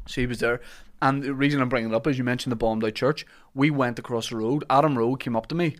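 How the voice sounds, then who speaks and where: A man hosting a podcast, telling comic stories in a casual chat and shouting out the lines he quotes. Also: mid-range voice, fairly even intonation, fast. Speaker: podcast host.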